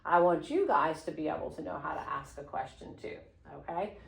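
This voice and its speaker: A woman's voice: deep voice, vocal fry. Patient woman teaching in an echoey classroom. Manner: patient, slow modeling of phrases. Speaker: Spanish teacher. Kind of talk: classroom lesson. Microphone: phone camera propped on a water bottle.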